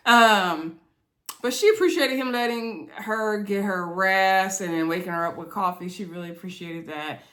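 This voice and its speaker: A chatty woman recaps a reality show straight to her viewers. She talks casually and laughs easily, calling her audience y'all. Her voice sits at a middle pitch, neither high nor low. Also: animated, a little fast, fairly bright tone.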